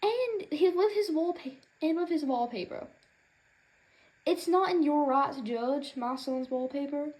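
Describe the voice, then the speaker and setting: Poor audio and noticeable background noise surround a woman whose high, a little mellow voice is unhurried. She rants comically as a proud mother, sassy, rambling, and indignant on her son's behalf, with Southern-style turns of phrase.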